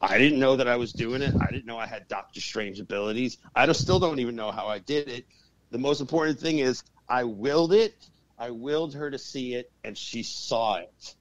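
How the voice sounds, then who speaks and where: A man being interviewed as a guest shaman and exorcist, telling stories in an excitable, profane way. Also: mid-range voice, a little fast, lo-fi sound, slight background noise. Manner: profane and excitable, acts out the voices in his stories. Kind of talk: animated storytelling in a podcast interview.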